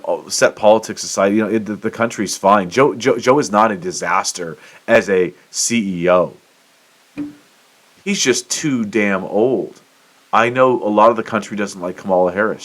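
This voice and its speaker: A middle-aged American podcast host rants through casual commentary on his own show, swearing and breaking into self-mocking outbursts. His voice is lowish and a bit bright.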